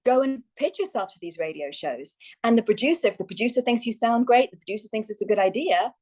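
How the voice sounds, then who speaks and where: A woman's voice: a little high, fast. Irish woman, success coach, podcast guest, enthusiastic and chatty. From Ireland. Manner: enthusiastic, animated, many fillers and restarts. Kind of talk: podcast interview.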